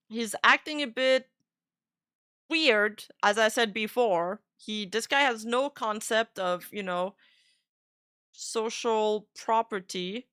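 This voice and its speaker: Bright-voiced woman giving casual commentary. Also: a little high, no echo, studio quality. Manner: opinionated, chatty, with frequent fillers. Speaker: VTuber commentator. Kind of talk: casual drama commentary, reading messages aloud.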